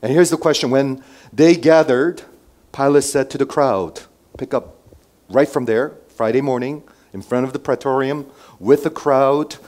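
A man preaching a sermon who moves between loud emphatic lines and quiet asides, and asks his listeners many rhetorical questions. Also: mid-range voice, measured pace. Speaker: pastor.

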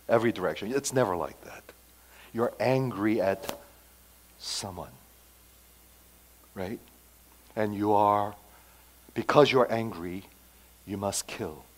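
A male preacher delivering a sermon with lively, dramatic delivery. He jumps from loud emphatic phrases to quiet, low asides. He keeps checking in with rhetorical questions. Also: low-quality recording. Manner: animated, sudden swings between loud and soft, rhetorical questions. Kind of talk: expository sermon.

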